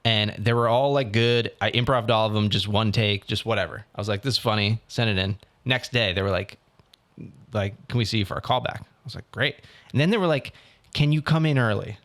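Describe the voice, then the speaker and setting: A young man co-hosting a podcast, telling a story in a casual, animated way and acting out what other people said. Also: on the low side, fairly quick. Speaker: podcast co-host. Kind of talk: casual chat.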